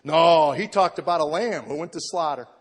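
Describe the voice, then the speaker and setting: Man telling a testimony in a reverberant hall. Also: normal speed. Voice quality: repeats words when he starts sentences. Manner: mostly low and subdued, rising into shouted excitement. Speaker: comedian giving a testimony. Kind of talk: storytelling testimony to an audience.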